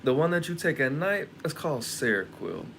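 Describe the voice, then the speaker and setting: A man playing a male doctor who brushes off concerns in a slow, soothing way. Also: a little high, very animated, gravelly, fairly bright tone, a little hiss or hum, full character voice. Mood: dismissive.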